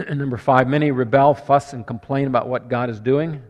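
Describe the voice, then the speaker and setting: A man's voice: medium pitch, steady tone, normal speed, darkish tone, in a large hall, dull audio. A man preaching a sermon as pastor, earnest and conversational, working through numbered points.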